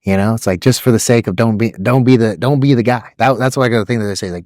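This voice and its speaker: A young man, a podcast co-host, chatting casually, rambling through stories with frequent laughs and swearing, and mimicking yelling drill instructors. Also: on the low side, fast talker, few pauses, no echo, studio quality. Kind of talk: casual chat.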